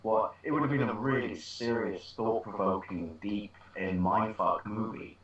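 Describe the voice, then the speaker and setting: A man's voice: on the low side, measured pace. A man co-hosting a casual film chat, rambling through stories with many restarts. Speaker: podcast co-host. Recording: dull roomy home recording.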